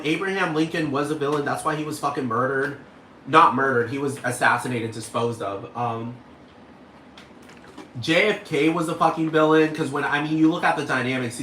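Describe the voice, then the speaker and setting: A man's voice: fairly high pitch, pushed and bright. A man ranting in a rambling, repetitive and profane casual monologue. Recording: echoey room, far from mic, faint noise.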